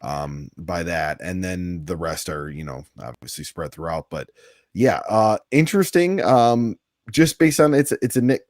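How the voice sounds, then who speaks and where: A man's voice: low voice, lively intonation, measured pace, darkish tone, dry recording, studio quality. A man co-hosting a podcast, going over news items in a casual chat with easy laughs. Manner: reads out news items, then chats with a laugh. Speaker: podcast co-host.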